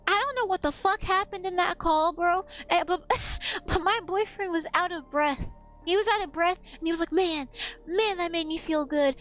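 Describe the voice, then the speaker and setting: A woman's voice: very high-pitched, moderate pace, fairly bright tone, faint music behind. A woman streamer telling a story in a blunt, profane, rambling way. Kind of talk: casual storytelling on a gaming stream.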